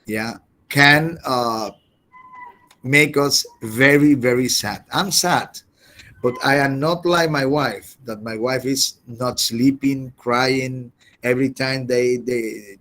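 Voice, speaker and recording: A man teaching an English class over a video call, halting and often repeating words as he explains. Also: medium pitch, steady tone, a bit bright. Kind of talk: online class lecture.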